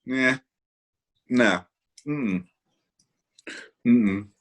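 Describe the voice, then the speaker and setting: A man's voice: mid-range voice, drawn-out words. A man co-hosting a podcast, teasing his co-host in casual banter and laughing often.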